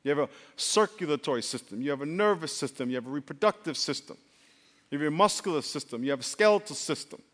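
Man, pastor, sermon, animated call-and-response, slightly high voice, long hall reverb. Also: fast.

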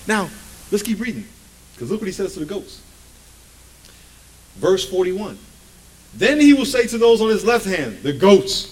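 A pastor preaching a sermon, swinging between loud bursts and hushed asides. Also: male voice, fairly high pitch, sing-song, moderate pace, a little hiss or hum, low-quality recording.

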